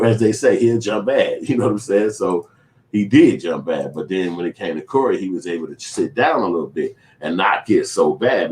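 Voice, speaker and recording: A man with a lowish voice delivers a loose commentary vlog. His talk rambles and is heavily profane, broken up by acted-out snippets of imagined conversations. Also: darkish tone. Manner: profane, rambling, acts out quotes. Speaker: filmmaker and vlogger.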